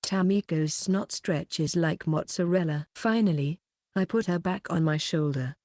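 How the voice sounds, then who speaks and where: A woman reading a web novel aloud as an audiobook narrator, keeping one even voice throughout. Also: fairly low pitch, unhurried, dry recording, studio quality.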